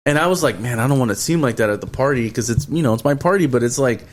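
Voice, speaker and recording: A man's voice: medium pitch, quick pace. A young man hosting a podcast, telling a profane story in casual chat and acting out what people said. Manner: storytelling, profane, acts out quotes. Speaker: podcast host.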